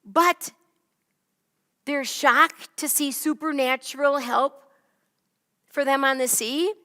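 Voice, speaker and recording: A woman's voice: high-pitched, slow, sharp tone, in a large hall. A woman teaching a Bible lesson in a conversational way, often checking in with "right?" and "okay?". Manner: chatty, keeps asking "right?" and "okay?".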